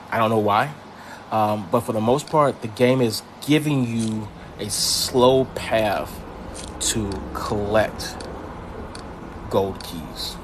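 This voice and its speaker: A man's voice: fairly low pitch, a little hiss or hum. An older man casually commenting while he streams a mobile racing game, rambling with lots of ums and restarts. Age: older adult.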